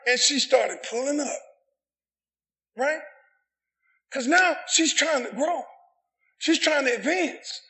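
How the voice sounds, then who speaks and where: A middle-aged pastor preaching a sermon in a church, shouting passionately and calling on the congregation to say amen. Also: male voice, very high-pitched, lively intonation, slow pace, long pauses. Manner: impassioned shouted preaching with call-and-response. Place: church sanctuary. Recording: echoey church room.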